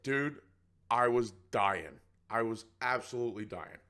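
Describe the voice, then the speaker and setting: A man's voice: mid-range voice, lively intonation, unhurried, a bit bright. A man co-hosting a podcast, telling a story in casual chat and acting out other people's voices. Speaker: podcast co-host.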